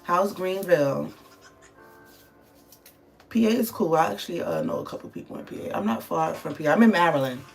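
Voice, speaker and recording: A woman's voice: on the low side, sing-song, fairly quick, creaky, long pauses, soft background music. A woman from the Bronx, chatting casually on a livestream and answering viewers' comments, loose with fillers. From the Bronx, New York. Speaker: livestream host.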